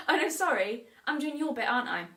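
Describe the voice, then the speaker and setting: Playful woman, scripted comedic video monologue, slightly high voice, distant mic. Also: big pitch swings, fast talker, a bit bright. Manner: playful, teasing, theatrical. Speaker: video essayist.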